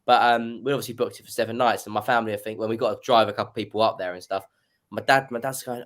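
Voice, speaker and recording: Fast-talking man telling a story. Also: fairly low pitch, steady tone, a bit bright. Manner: rapid rambling anecdote with quoted family. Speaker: podcast panelist. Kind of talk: casual storytelling.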